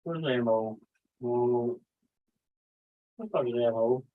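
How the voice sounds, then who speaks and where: A livestream host speaks slowly in a medium-pitched voice. He rambles casually, swears freely and reads chat aloud, all through tinny audio that sounds like a phone.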